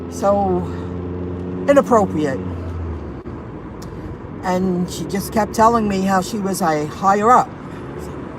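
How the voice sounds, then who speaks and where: Speaking slowly with long pauses, a woman with a mid-range, very animated voice vents to her viewers. She's a rideshare and delivery vlogger recounting an indignant tale and reading their comments, while car and street noise rumbles in the background.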